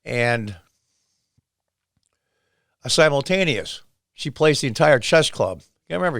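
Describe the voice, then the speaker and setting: A man's voice: medium pitch, expressive, unhurried, creaky, long pauses, a bit bright, no room sound, studio quality. A man hosting his own channel, casually retelling a series scene by scene with quoted lines. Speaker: show host.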